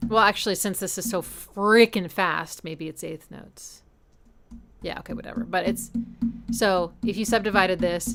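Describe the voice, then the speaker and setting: A woman's voice: on the low side, a little fast, bright, forceful tone. A woman hosting a casual music analysis stream at home. She talks in an enthusiastic, chatty way and scats rhythms aloud to explain them. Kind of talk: casual educational music commentary. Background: faint song playing.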